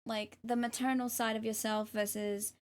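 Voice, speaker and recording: A young woman streaming live and reading tarot, speaking gently and hesitantly with many ums and restarts. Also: a little high, flat delivery, moderate pace. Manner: gentle and affirming. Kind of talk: casual live-stream chat.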